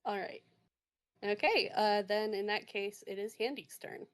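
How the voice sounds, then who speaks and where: A woman running a tabletop game as game master, calm and affirming. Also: mid-range voice, unhurried, no room sound.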